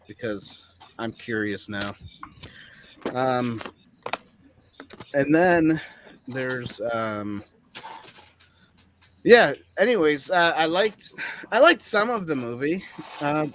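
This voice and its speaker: A man talking casually on a movie review panel, rambling and hesitant and dropping lots of fillers. His voice sits at an ordinary middle pitch. Crickets chirp faintly in the background. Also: expressive, slow pace, pauses often, noisy background. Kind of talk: casual chat.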